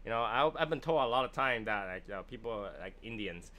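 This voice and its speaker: This man speaks with a Chinese accent, a fairly low pitch, lively intonation and a sharp tone, a little on the fast side. He hosts a casual cigar review livestream, chatting and joking as he answers viewers in a relaxed live exchange.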